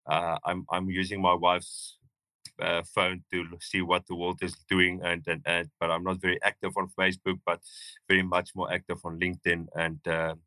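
Guest: man, booming baritone, flat delivery, bright edge, halting speech with fillers. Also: no echo. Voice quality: deep baritone voice. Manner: halting, with many fillers and restarts. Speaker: podcast guest. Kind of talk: casual interview talk.

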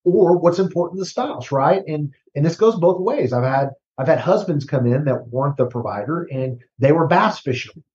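A man working as a recruiting consultant, talking casually as an interview guest, often restarting words and tagging sentences with a quick question. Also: fairly high pitch, animated, a little mellow, lo-fi sound. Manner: conversational, repeats words, tags "right?".

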